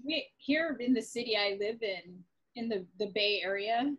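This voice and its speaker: A woman's voice: fairly high pitch, expressive, normal speed, fairly bright tone, breathy edge, lo-fi sound. A woman hosting a radio interview, talking in a friendly, chatty way. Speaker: radio show host. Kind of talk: casual interview chat.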